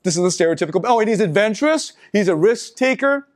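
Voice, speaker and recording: A middle-aged man giving a live seminar lecture, talking in an animated, halting way with restarts and asides to the audience. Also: high voice. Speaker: seminar speaker.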